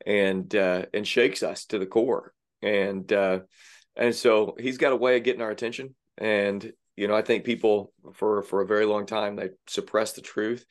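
Low-voiced male podcast host. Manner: brief affirmations, explains scripture calmly. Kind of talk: conversational interview.

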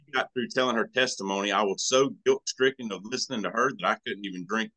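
Southern country man with a bright voice. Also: on the low side, fast talker. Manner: folksy, emotional, acts out quoted voices. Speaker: podcast guest. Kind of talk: casual storytelling.

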